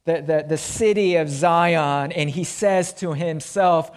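Slow, emphatic male preacher. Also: on the high side, clean tone. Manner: slow, emphatic preaching with swells and drops in volume. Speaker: pastor. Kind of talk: sermon.

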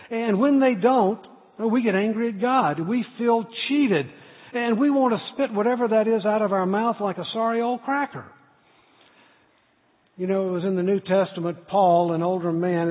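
A man preaching a sermon, telling stories earnestly and building to loud emphasis. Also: high voice, husky. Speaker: pastor. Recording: tinny echoey hall recording.

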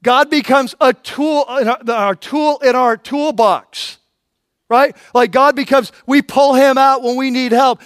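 A man's voice: very high voice, fairly even intonation, a little slow, fairly bright tone, clear, resonant tone, no echo, studio quality. A middle-aged male pastor preaching a sermon in an earnest way, repeating phrases and acting out prayers.

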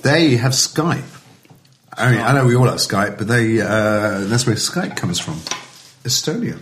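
A middle-aged male comedian chatting casually as a podcast guest, quick to joke and often trailing off mid-sentence. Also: lowish voice, expressive, fairly bright tone, slight background noise.

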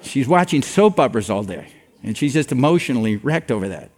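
A man's voice: mid-range voice, fairly quick. An older man preaching a sermon as a pastor, telling stories and acting out the dialogue with animation. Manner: animated storytelling that acts out dialogue. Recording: long reverb of a large hall.

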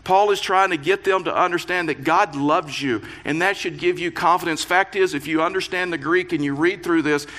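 A man preaches to his congregation, reading scripture aloud and then unpacking it with earnest, building emphasis. His voice is fairly high and forcefully bright, and he breaks in with light joking asides between the serious points. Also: normal speed, few pauses. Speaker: pastor. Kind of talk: sermon.

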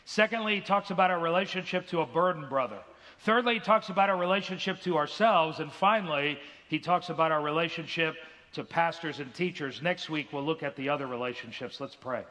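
Delivering his sermon a little fast, a high-voiced pastor sounds bright and forceful, earnestly preaching and acting out quoted voices as he tells stories. His words ring through a large sanctuary with long reverb.

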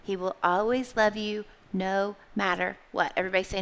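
Animated woman preaching to kids. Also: medium pitch, normal speed, smooth. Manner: expressive, asks the audience questions and has them repeat words. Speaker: children's Bible teacher. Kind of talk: sermon to young listeners.

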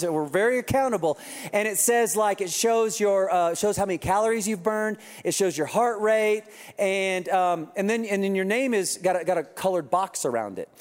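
High-voiced comic pastor, hall echo. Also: male voice. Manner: animated comic storytelling with quoted voices. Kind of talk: sermon storytelling. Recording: reverberant hall.

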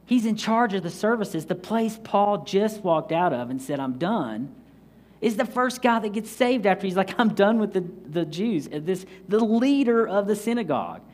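A man preaching a conversational Bible study sermon, acting out scenes with quick asides. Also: high voice, animated. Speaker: pastor.

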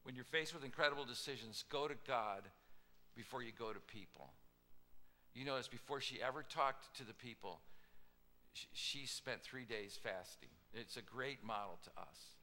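Animated preacher in a reverberant hall. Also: male voice, medium pitch, normal speed. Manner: animated storytelling with casual asides and voiced quotes. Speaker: pastor. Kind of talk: sermon.

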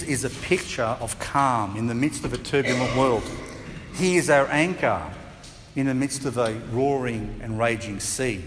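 A man preaching a sermon as pastor, chatty and lively, now and then acting out voices with a laugh. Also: medium pitch, normal speed, long reverb tail, background noise. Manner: conversational, acts out voices and laughs.

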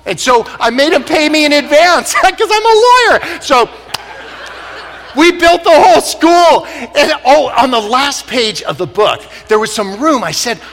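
High, bright man speaking in a hall. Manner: animated, jokey, swings from quiet to loud. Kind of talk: storytelling talk to a church crowd. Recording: long reverb of a large hall.

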